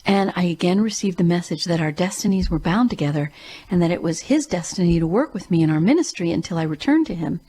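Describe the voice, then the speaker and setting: A woman's voice: fairly low pitch, dark tone, husky. A woman hosting her own show, telling a personal story in an earnest, emphatic way. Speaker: show host and grief coach.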